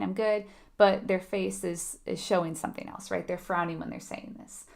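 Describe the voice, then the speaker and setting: A woman's voice: medium pitch, vocal fry. A woman leading a live nursing exam review lesson, talking conversationally and asking her audience questions. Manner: conversational, asks the audience questions, frequent "right?".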